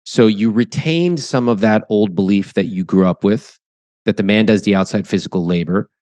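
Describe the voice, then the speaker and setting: A man with a lowish voice leads a podcast interview with a couple, asking quick and pointed questions. He affirms their answers plainly. The sound is dry and close, with no room around him. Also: dark tone, dry recording. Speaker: podcast host, money coach.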